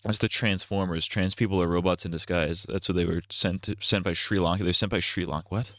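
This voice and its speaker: A man in crude, rambling talk over his gameplay stream, cracking jokes between moments of play. His voice is bright and forceful, with a fairly low pitch. The sound is dry and close, with no room around it. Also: steady tone, a little fast, no echo. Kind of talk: casual gameplay commentary.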